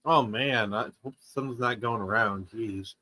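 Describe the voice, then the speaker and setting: A man co-hosting a casual podcast chat, soft-spoken and halting. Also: on the low side. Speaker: co-host.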